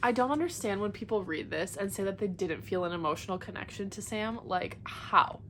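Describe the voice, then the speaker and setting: A woman's voice: mid-range voice, fairly quick, a little hiss or hum. A young woman vlogging about a book series she is rereading, chatting with many filler words and reading passages aloud. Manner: gushing, excitable, many "like" fillers. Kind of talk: casual chat and reading aloud.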